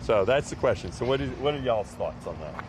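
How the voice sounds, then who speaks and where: A man's voice: mid-range voice, sing-song, a little fast, noisy background. A man from New Orleans, a podcast guest in casual chat, explaining his ideas at length.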